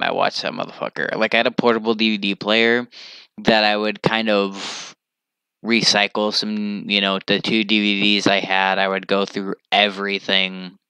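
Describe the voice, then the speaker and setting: A young man ranting casually to camera as a vlogger, animated and rambling, swearing freely. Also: on the low side, vocal fry, clean tone, no echo.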